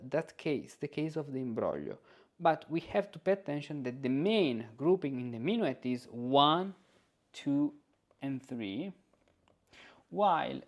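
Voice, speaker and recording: A man teaching music composition in an informal lesson, singing rhythms and note syllables aloud to demonstrate his points as he thinks out loud. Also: medium pitch.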